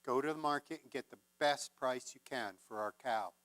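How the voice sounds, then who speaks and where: A man's voice: mid-range voice, normal speed, fairly bright tone, no room sound, natural voice. A man voicing a poor single mother who speaks in a scolding, insistent way.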